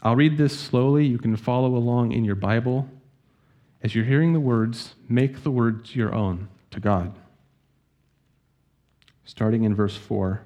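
This is a man preaching as a pastor, with a medium-pitched voice. He reads scripture to his congregation at a slow pace, and his delivery is sincere and soft.

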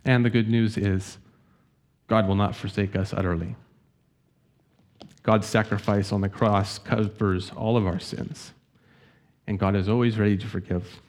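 Gentle man preaching a sermon. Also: on the low side, fairly even intonation. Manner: earnest, gentle preaching with slow scripture reading. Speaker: pastor.

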